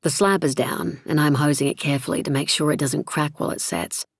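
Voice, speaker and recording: A woman narrating a novel in the first person, measured and reflective, recorded close in a studio. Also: sits low, fairly even intonation, vocal fry, no room sound. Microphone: close studio mic.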